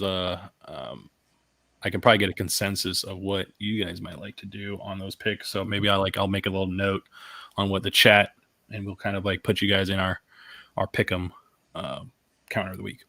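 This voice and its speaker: A man's voice: sits low, fairly even intonation, moderate pace, bright, forceful tone, dry recording. A man co-hosting a casual sports podcast, talking in a hesitant way full of fillers. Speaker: podcast co-host.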